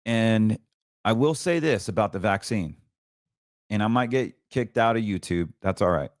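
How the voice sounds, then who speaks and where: A middle-aged male podcast host with a very deep, expressive voice shares a personal testimony in casual talk at normal speed, earnest and preachy, dropping low and quiet when emotion hits. The recording is close and dry, with no room sound.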